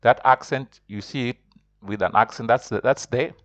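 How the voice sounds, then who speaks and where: Man teaching a slow, repetitive lesson. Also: mid-range voice, no echo. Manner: explains step by step, repeats himself often. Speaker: French teacher. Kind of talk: online language lesson.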